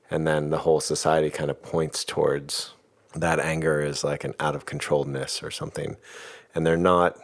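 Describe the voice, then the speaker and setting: A middle-aged man in a podcast conversation, explaining ideas in a thoughtful, rambling way with soft laughs. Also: very deep voice, gravelly. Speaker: podcast host and guest expert.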